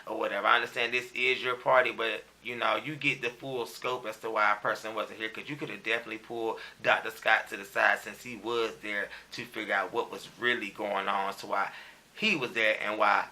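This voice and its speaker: A man's voice: fairly low pitch, fairly even intonation, brisk, pushed and bright. A man giving a chatty, profane, gossipy review of a reality TV episode, peppering his talk with filler phrases. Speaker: reality TV recap vlogger.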